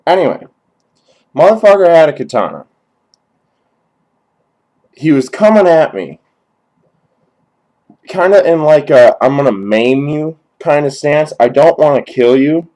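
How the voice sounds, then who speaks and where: A young man performing a dry, halting comedy monologue in character, crude and profane, recorded on a cheap webcam. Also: fairly high pitch, very animated, mellow, poor audio. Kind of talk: deadpan rambling character monologue.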